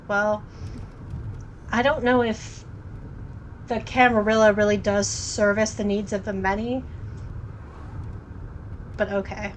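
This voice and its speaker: A woman's voice: mid-range voice, little pitch movement, slow pace, pauses often, a little hiss or hum, rough recording. A woman streamer chatting casually while playing and reading a story game aloud, often stumbling over names and correcting herself. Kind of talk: casual let's-play commentary and reading.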